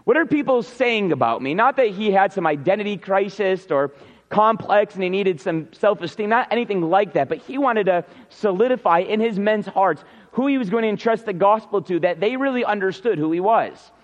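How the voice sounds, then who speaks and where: A man's voice: high-pitched, moderate pace, in a large hall, highs cut off. A man preaching a Sunday sermon, earnest and emphatic, repeating key words for stress. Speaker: pastor.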